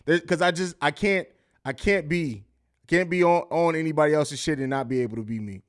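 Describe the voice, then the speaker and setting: High-voiced casual man hosting a stream. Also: fairly quick. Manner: loose and profane, laughs often, reads viewer chat aloud. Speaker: podcast host. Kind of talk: casual live-stream chat.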